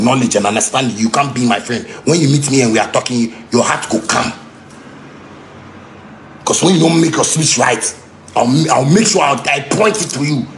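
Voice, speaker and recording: A man with a Ghanaian Pidgin English accent ranting angrily, heated and repetitive, sometimes shouting. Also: medium pitch, slight background noise. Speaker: musician ranting on a livestream. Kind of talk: angry unscripted rant.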